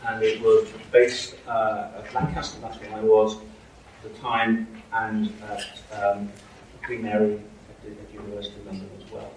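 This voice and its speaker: A man's voice: fairly low pitch, flat delivery, normal speed, a little mellow, a little hiss or hum. A man giving a university lecture, hesitant with frequent fillers and restarts. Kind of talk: academic lecture. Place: lecture hall. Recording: echoey hall from far off.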